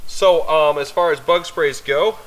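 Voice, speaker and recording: Out in the woods near the water, a young male outdoor vlogger chats casually on a camping trip, rambling and coaxing his dogs along. His voice sits a little high and he takes his time, with some background noise in the clip.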